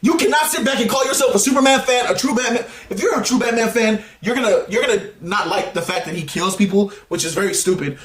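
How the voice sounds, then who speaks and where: A man giving a heated, exasperated movie review rant, laughing often and bursting into shouts. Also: high voice, fast talker, few pauses, echoey room. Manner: animated, exasperated ranting with frequent laughs and sudden shouts.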